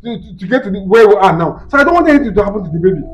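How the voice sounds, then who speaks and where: A man's voice: high-pitched, animated, racing, faint music behind. A man with a Nigerian accent playing an anxious, overprotective husband in a comedy skit, stammering and repeating words when flustered.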